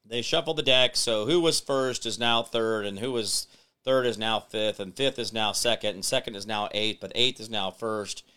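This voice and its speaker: Man, middle-aged, show host, sarcastic solo commentary, mocking outbursts, crisp bright voice. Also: on the low side, moderate pace. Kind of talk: solo commentary reading an article.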